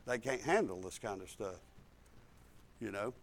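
An older man, a pastor telling family stories in a sermon and swinging from soft asides to bold, loud preaching. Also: fairly low pitch, animated, measured pace. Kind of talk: storytelling sermon.

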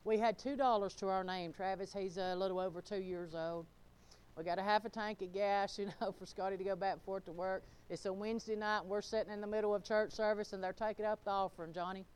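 A middle-aged woman pastor, preaching a fervent sermon that swings between loud exclamations and low, laughing asides. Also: fairly even intonation, fast talker, clean tone.

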